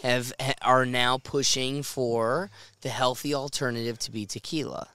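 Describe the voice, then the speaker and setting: Man, podcast host, rambling casual chat, smooth voice. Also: medium pitch, steady tone, moderate pace, bright, forceful tone, dry recording. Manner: rambling, explains at length, laughs often. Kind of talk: casual chat over beers.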